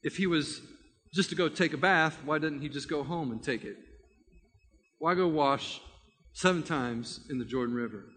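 A man preaching a sermon by retelling a story, animated and vivid, with frequent restarts. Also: on the high side, moderate pace, pauses often, slightly rough, big-room sound.

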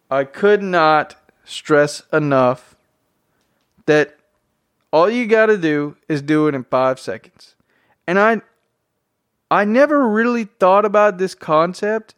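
A young man from Tennessee with a Southern drawl, talking excitedly and loosely in a casual motivational vlog. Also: high voice, no room sound, studio quality. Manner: excitable, slangy, repeats himself. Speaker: vlogger.

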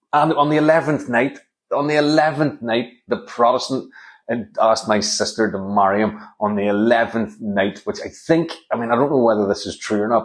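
A middle-aged man, hosting a solo comedy podcast in a rambling, sweary, sarcastic monologue. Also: fairly low pitch.

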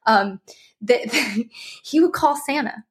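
High-voiced chatty woman guest. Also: lively intonation, takes it slowly. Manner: chatty, laughing, agreeable. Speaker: guest author. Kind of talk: casual chat.

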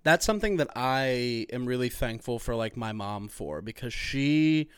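A man's voice: mid-range voice, expressive, moderate pace, clear, resonant tone, dry recording, studio quality. A man hosting a podcast interview, joking and swearing casually and laughing often. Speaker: podcast host.

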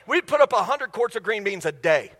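High-voiced, bright preacher in a reverberant hall. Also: male voice, sing-song, a little fast. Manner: humorous storytelling, quizzing the congregation. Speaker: pastor. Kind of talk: sermon. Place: church sanctuary. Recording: long reverb of a large hall.

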